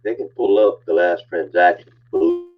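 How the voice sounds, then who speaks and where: Man, low pitch, husky, wry side remarks, lo-fi distant sound. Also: normal speed, faint music behind. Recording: dull lo-fi recording, off mic.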